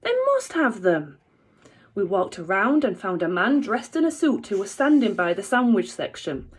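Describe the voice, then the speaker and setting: A woman reads a children's book aloud, expressive and animated. Her voice sits mid-range and moves a lot. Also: medium pitch, moderate pace, husky. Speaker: teacher reading aloud.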